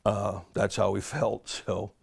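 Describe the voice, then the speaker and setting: A man calmly recounting what he saw at a scene, in an interview clip. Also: lowish voice, vocal fry, breathy edge. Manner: measured, narrative recounting. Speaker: first responder recounting an event. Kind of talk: interview recollection.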